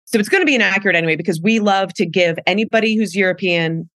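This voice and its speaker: A woman's voice: medium pitch, fast talker, fairly bright tone, dry recording. A woman guest in casual chat, enthusiastic and rambling, often cutting herself off mid-thought. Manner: enthusiastic, rambling, self-interrupting. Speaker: guest, actress.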